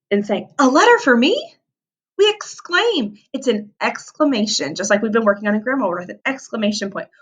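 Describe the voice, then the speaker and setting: Animated woman teaching young kids. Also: a little high, husky. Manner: animated, stretches out key words for emphasis. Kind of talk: vocabulary lesson for young children.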